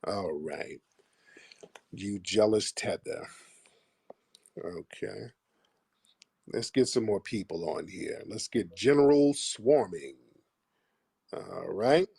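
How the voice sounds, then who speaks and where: A man hosting a live call-in stream, mocking and insulting his callers bluntly with slow, drawn-out put-downs. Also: fairly low pitch, animated, creaky, darkish tone, husky, no room sound, studio quality. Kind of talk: combative call-in show talk.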